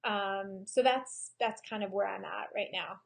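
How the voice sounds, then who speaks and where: A woman photographer speaking candidly and emotionally in a personal video diary, pausing often with "um". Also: medium pitch, fairly even intonation, vocal fry. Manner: frank and emotional, with frequent pauses and "um"s. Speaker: photographer and vlogger.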